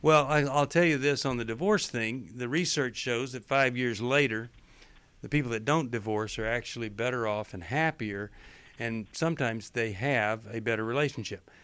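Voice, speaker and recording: A man's voice: mid-range voice, moderate pace, fairly bright tone, clear, resonant tone, dry recording. Male radio advice host, middle-aged, direct coaching delivery, dry studio sound. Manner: direct, coaching, quotes others in acted lines. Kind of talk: call-in advice talk.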